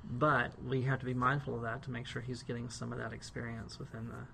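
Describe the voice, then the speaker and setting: Male podcast co-host with a gravelly, creaky tone; talks casually and slips in jokes, faint hiss underneath. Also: mid-range voice, flat delivery, fairly quick, pushed and bright. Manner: chatty and joking, with asides.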